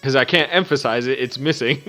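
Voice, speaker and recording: A man's voice: medium pitch, brisk, sharp tone. A man co-hosting a podcast in loose, rambling chat. He jokes and laughs as he goes, with faint music playing underneath. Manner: rambling, joking, laughs often. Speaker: podcast co-host. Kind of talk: casual chat.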